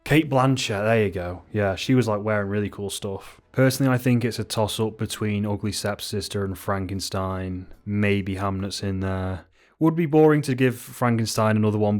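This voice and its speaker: A young man talks through film awards picks in a loose, rambling way, swearing freely and poking fun at himself. His voice sits fairly low but jumps up high when he gets worked up. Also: moderate pace, a little mellow. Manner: rambling, sweary, self-mocking, jumps into sudden high exclamations. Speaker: YouTube film commentator. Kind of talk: casual unscripted film commentary.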